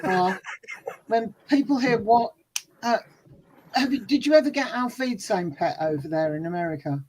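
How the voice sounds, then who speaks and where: A woman's voice: mid-range voice, animated, moderate pace, darkish tone. A woman from Birmingham with a Birmingham accent, telling stories and laughing in a casual group chat. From Birmingham, England. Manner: chatty, laughing storyteller. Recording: noisy background.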